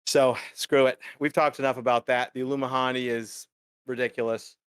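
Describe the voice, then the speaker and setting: Male stream co-host, mid-pitched, loose and rambling delivery, dry room. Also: little pitch movement, brisk, a bit bright, clean tone, dry recording. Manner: rambling, lots of fillers. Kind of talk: casual live chat.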